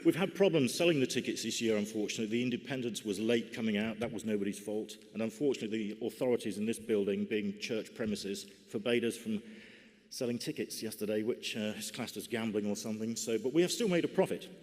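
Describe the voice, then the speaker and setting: A man giving a conference report from a podium, measured and deliberate, with dry humour. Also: on the low side, darkish tone. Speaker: party lottery organiser giving a conference report. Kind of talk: conference speech. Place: large church hall used for a conference. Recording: long hall reverb.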